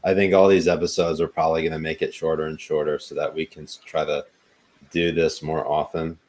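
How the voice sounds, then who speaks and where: Young man, very low voice, relaxed podcast co-host, talks loosely with filler. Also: brisk. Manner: laid-back, chatty, lots of ums. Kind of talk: casual chat.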